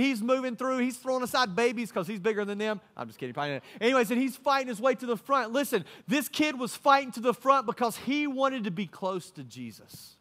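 Man, preacher, sermon, animated, casual slang, high voice, bright tone. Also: big-room sound.

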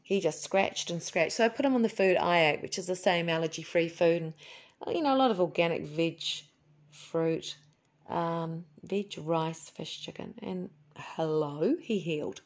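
A woman's voice: lowish voice, measured pace. A woman hosting a podcast in a chatty, playful way, a little sniffly. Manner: chatty and playful, with asides and laughs. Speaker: podcast host and animal healer. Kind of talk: casual solo podcast chat.

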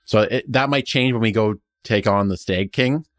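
Rambling low-voiced man, dry sound. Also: normal speed, no echo. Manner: rambling, many restarts, enthusiastic. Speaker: player. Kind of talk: casual chat about a tabletop game.

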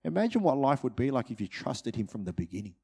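A man preaching a sermon to his congregation, moving between urgent, loud peaks and hushed, drawn-out phrases. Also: big pitch swings, gravelly, husky. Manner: dynamic, swings from loud urgent peaks to hushed low delivery.

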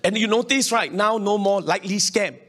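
Singaporean pastor preaching, lively, calls out to the crowd, fairly high voice for a guy. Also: a little fast. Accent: Singaporean English. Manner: animated, call-and-response, colloquial particles. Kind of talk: sermon.

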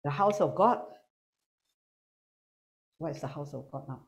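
A woman preaching a sermon to a congregation, animated and teasing, swinging between loud calls and quiet asides. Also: low-pitched, a little slow. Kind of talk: sermon with humor. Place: church hall with online congregation.

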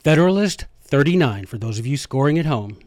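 A man hosting a jokey history lesson, talking playfully and emphatically with quick asides, close to the microphone. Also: mid-range voice, expressive, darkish tone, no echo. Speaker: host.

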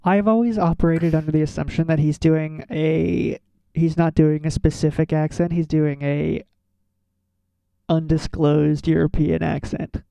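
A man co-hosting a casual chat about a film, relaxed and full of fillers like "like" and "um.". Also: fairly high pitch, unhurried, gravelly, clean tone, dry recording. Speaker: podcast co-host.

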